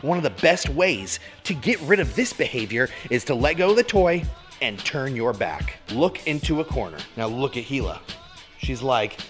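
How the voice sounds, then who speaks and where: A man hosting an energetic, jokey dog-training video in a casual tutorial style. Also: mid-range voice, moderate pace, soft background music. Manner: animated, jokey, puts on goofy voices for the dogs.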